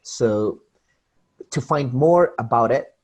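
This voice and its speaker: A man speaks slowly and deliberately in a husky voice, teaching English pronunciation. He repeats example words again and again and often breaks off and restarts his phrases while he explains. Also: mid-range voice, darkish tone. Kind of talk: online English pronunciation lesson.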